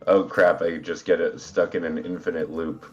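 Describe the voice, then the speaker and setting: A man's voice: low voice, normal speed. A congested man chatting as a guest player on an online game stream, rambling and hesitant, heard through a phone on speaker. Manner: rambling, relaxed, hesitant with fillers. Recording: dull lo-fi phone speaker audio.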